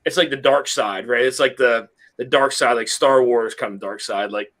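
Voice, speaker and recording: A man's voice: medium pitch, moderate pace, fairly bright tone. A man hosting a live group chat, talking loosely and rambling with many restarts. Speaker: host of a whiskey review livestream.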